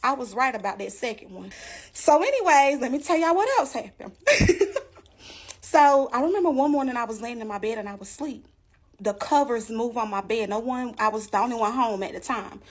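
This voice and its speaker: Woman telling her story to the camera, kinda high voice, lively and emphatic, talking right to y'all. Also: a little fast. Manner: animated, emphatic, talks straight to the audience. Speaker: storyteller giving a testimony. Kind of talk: casual storytelling to viewers.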